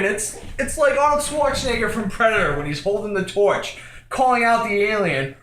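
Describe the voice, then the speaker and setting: A young man telling a comic story from his own life, building to shouts and laughter as he acts it out. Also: sits high, measured pace, reverberant, slight background noise. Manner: animated, escalating, acts out quotes with shouts and laughter.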